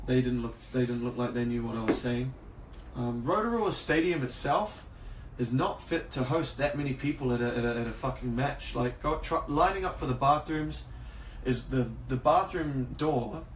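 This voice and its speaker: A man's voice: mid-range voice, moderate pace. A man co-hosting a podcast, chatting casually and rambling through stories with plenty of swearing. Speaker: podcast co-host. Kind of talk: casual chat. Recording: roomy, distant from the mic, faint noise.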